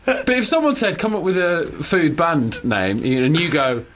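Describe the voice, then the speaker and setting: English comedy podcast host, teasing, animated delivery. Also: male voice, on the high side, unhurried, slight background noise. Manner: joking, teasing, laughs often. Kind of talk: casual comedy chat.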